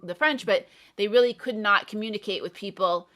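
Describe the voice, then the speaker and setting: Bright-voiced woman tutor explaining. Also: medium pitch, a little fast. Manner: thoughtful, explaining. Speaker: English tutor, guest. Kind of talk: casual chat about a film.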